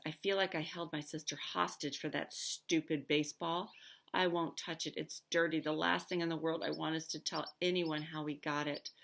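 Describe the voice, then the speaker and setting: A woman's voice: low voice, creaky, fairly bright tone, a little hiss or hum. A woman teacher reading a novel aloud with expression, stopping now and then to comment on the story.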